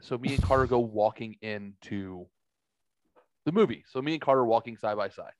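A man's voice: mid-range voice, normal speed, rough recording. A man in his forties telling a rambling, profane story in casual chat, acting out the other people's voices. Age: 40s.

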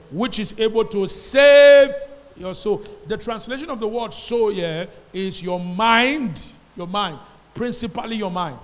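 A man preaching a sermon as pastor, telling a story and calling on the congregation to repeat phrases after him. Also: sits high. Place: church hall. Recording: long hall reverb.

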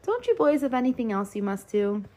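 A woman voicing a kind toy store saleslady who apologizes gently. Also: on the high side, sing-song, a little fast. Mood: gentle.

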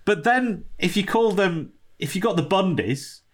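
A man's voice: sits high, lively intonation, measured pace, a little hiss or hum. Joking, sweary male podcast co-host. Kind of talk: casual chat. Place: home in Los Angeles.

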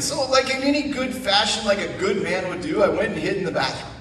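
A middle-aged man telling his testimony as a guest speaker at church, animated with asides. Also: sits high, fairly quick, few pauses, slight background noise. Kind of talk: personal testimony. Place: church sanctuary. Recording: echoey room, mic far off.

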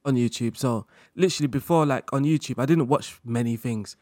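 A man speaking as a guest in a casual interview chat, relaxed, laughing often and talking in loose run-on sentences full of fillers. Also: medium pitch, brisk, no room sound, studio quality. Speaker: guest content creator.

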